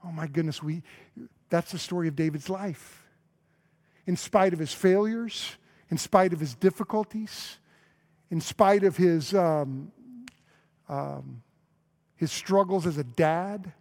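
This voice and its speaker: Husky male preacher, a bit higher than most men, animated storytelling sermon. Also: takes it slowly, long pauses. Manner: animated storytelling, acting out dialogue, dropping to a hush on key lines. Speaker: pastor.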